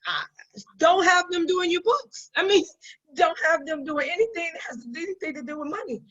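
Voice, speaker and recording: This businesswoman's voice is very high-pitched and a bit bright, moving at a moderate pace. She offers business advice conversationally but emphatically, restating points to drive them home, on a dull lo-fi recording.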